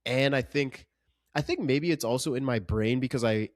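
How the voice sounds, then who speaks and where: A man in a casual film review chat, co-hosting a podcast with an earnest, emphatic delivery that trips over repeated words. His voice sits at an ordinary middle pitch. The sound is close and dry, with no room around it. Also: normal speed, no echo. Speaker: podcast co-host.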